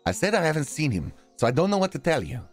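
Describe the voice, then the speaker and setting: A man's voice: a little high, very animated, fast talker, soft background music, voice pushed up. A man doing a curt, impatient village woman. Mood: dismissive. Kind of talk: voicing a visual novel.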